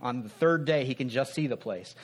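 Male preacher, sermon, conversational, rhetorical questions, earnest, ordinary mid-pitch. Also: fairly quick. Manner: earnest, drops soft for emphasis.

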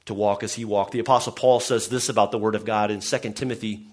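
A man's voice: lowish voice, fairly even intonation, fast. A man preaching a sermon to his congregation in an earnest way, often restarting and saying "I mean". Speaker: pastor.

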